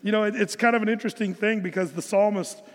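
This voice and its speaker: A man's voice: high-pitched, quick pace, in a large hall. A man from the United States preaching an earnest, emphatic Bible-teaching sermon, often restarting his phrases. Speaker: pastor.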